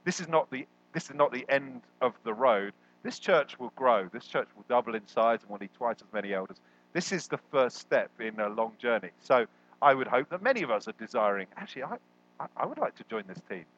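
A man preaching a sermon as a guest, animated and jokey, jumping up in pitch when he quotes people. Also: a little fast, muffled recording. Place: church hall.

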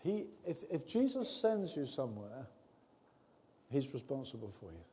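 A man preaching a sermon with earnest warmth, dropping to soft, intimate tones and rising to loud, emphatic bursts. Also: medium pitch, big pitch swings, normal speed. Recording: long reverb of a large hall.

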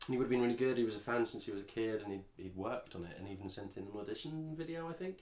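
Low-pitched and darkish in tone, this English podcast co-host speaks in rapid-fire bursts with a roomy sound. He chats casually, rambling and restarting often.

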